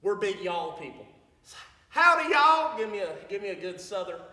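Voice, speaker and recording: A man's voice: sits high, fairly even intonation, fast. A man co-hosting a comedic chat, teasing and playfully bossy as he teaches phrases. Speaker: co-host. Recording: roomy hall, mic at a distance.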